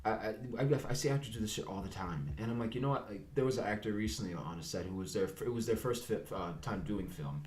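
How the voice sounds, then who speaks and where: A man, an actor, chatting casually on a podcast, telling stories in a fast, profane, animated way. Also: on the low side, echoey room.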